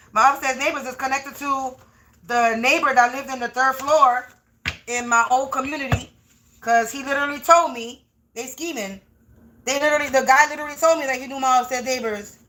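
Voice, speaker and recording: A woman reads tarot live from home. Her voice sits high and sounds bright. She curses often and swings between low, muttered asides over her cards and loud shouts at people she thinks are against her. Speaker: tarot reader on a livestream. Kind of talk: livestream tarot reading, ranting. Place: home room.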